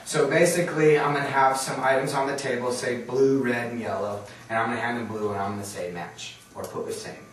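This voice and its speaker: A man's voice: mid-range voice, steady tone, a little fast, hardly any pauses, a little hiss or hum. A man teaching a training workshop, quizzing the audience and checking that they follow along. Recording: very echoey room, far from mic.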